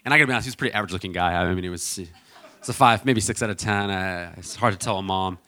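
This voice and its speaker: Chatty bright-voiced male pastor. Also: sits low, racing. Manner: storytelling, conversational with many fillers. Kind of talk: sermon.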